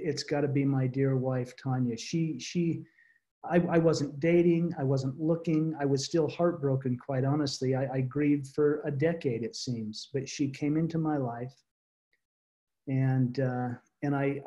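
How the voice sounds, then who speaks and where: A man telling a personal story to a support group, earnest and halting, often restarting his words over a video call. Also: mid-range voice, steady tone, mellow. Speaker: guest speaker.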